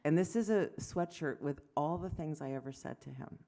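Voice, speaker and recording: Gravelly-voiced woman lecturing with animated stories. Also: low-pitched, moderate pace. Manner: animated storytelling, acts out dialogue, self-deprecating asides. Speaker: physician giving an award lecture. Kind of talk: lecture to medical audience.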